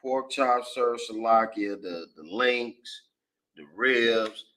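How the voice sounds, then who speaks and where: A man's voice: lowish voice, slow, bright, forceful tone, far from the mic, poor audio. A man in a class discussion, adding to the main speaker's point in a casual way. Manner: agreeing, building on the speaker's point. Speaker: class participant.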